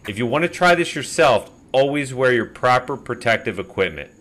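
A man calmly narrating a step-by-step metal casting tutorial as a voice-over. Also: mid-range voice, moderate pace. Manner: calm step-by-step explaining. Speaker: DIY metal casting channel host.

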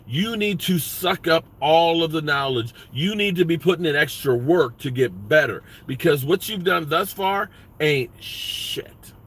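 A man's voice: on the high side, expressive, a little slow, few pauses, a bit bright, husky. A man hosting a sports vlog, ranting bluntly with lots of profanity. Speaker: sports vlogger.

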